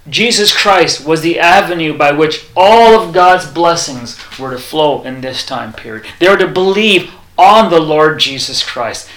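Male preacher, sermon, bright voice, echoey room, reads scripture, acts out quotes. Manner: animated, acts out quoted lines with rising pitch; reads scripture aloud in King James wording.

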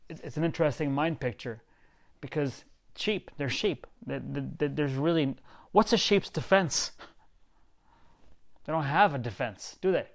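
A man giving an informal sermon, reading psalms aloud and musing on them with rhetorical questions and light chuckles. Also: medium pitch. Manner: reads verses then muses aloud with rhetorical questions and chuckles. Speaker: preacher.

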